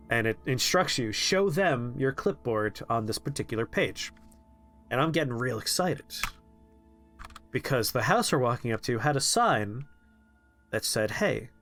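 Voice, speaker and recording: A man casually telling a funny story on a game stream, acting out the people in it. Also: medium pitch. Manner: animated, quotes people in shifting voices, laughs. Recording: faint music behind.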